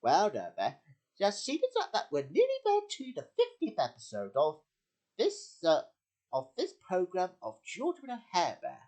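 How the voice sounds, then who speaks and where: A man's voice: high-pitched, huge pitch swings, moderate pace, darkish tone. Guy hosting his own little puppet show, rambles, trips over words, very up-and-down voice. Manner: rambling, many restarts and slips. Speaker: host of a homemade puppet show. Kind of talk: casual chat.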